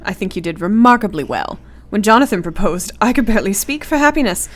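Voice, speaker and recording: A woman playing a gentle young English woman in a radio play, who gently teases and reassures her friend. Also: mid-range voice, animated, quick pace, lightly acted. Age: young adult.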